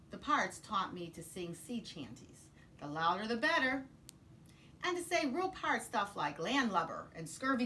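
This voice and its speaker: Bright, lively woman reading a storybook. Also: on the high side, a little hiss or hum. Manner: expressive, sing-song storytelling. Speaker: teacher reading aloud. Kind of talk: children's storybook read-aloud.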